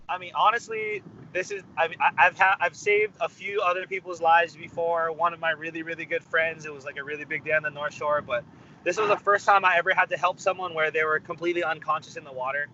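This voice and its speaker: A man's voice: a little high, animated, a little fast, sharp tone, a little hiss or hum. A young man from Hawaii, telling a story in a casual interview with many fillers and restarts. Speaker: musician guest. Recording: dull lo-fi interview audio.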